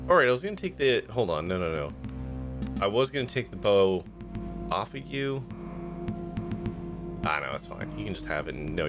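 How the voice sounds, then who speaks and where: A man streaming a video game live, chatting with his viewers and reading the game's story text aloud into a desk microphone. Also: fairly low pitch. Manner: chatty, laughs easily, talks to chat and party. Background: game music.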